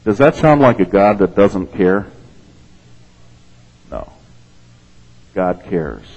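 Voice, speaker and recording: A man's voice: on the low side, very animated, takes it slowly, darkish tone, husky, muffled recording. A man preaching a sermon, reading scripture and explaining it in a conversational way while often checking in with "okay?". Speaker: pastor.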